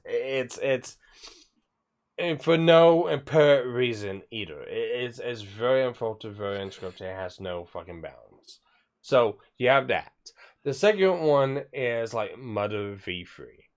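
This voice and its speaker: A man's voice: mid-range voice, animated, unhurried. Stammering casual male streamer. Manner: rambling, stammering restarts, swears casually. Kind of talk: casual livestream chat.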